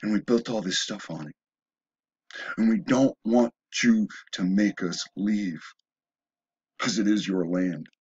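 A man's voice: fairly low pitch, slow pace, pauses often, a little mellow, breathy edge, muffled recording. A man delivering a rambling opinion monologue, often stumbling and restarting, then rising into emphatic bursts. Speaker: video blogger.

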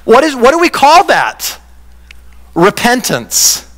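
A man's voice: very high voice, wildly swooping pitch, slow pace, fairly bright tone, long reverb tail. A male pastor preaching a sermon in a church, emphatic and impassioned, asking rhetorical questions. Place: church sanctuary.

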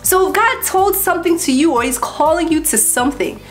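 A woman giving a casual Christian exhortation that ends in a prayer. She is lively and preachy, laughs between points and repeats herself. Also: very high voice, a little fast, faint music behind.

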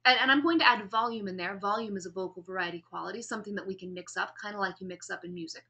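A woman giving a classroom lecture on public speaking, explaining vocal variety and demonstrating pace and pauses as she talks. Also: medium pitch, pushed and bright.

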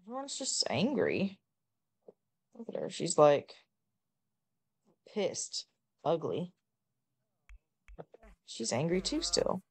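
A woman giving casual, joking gameplay commentary, blunt and quick to swear. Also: fairly low pitch, huge pitch swings, slightly rough. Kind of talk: casual let's-play commentary.

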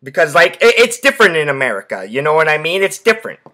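A young man hosts a casual sports podcast, telling loose, rambling stories full of profanity and filler words. His voice is bright and forceful and sits a little high for a man. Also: big pitch swings, fast talker. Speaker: podcast host.

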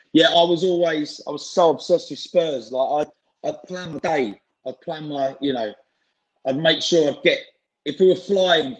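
A man's voice: mid-range voice, rough recording. A man, chatting informally as an interview guest on a video call, full of fillers and restarts. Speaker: interview guest, singer and actor. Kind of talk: casual chat.

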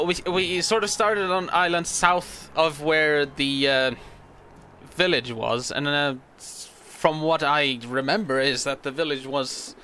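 A man's voice: fairly high pitch, sharp tone, slight background noise. A young man giving casual, rambling gameplay commentary, stammering and swearing freely as he plays. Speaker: gaming video host.

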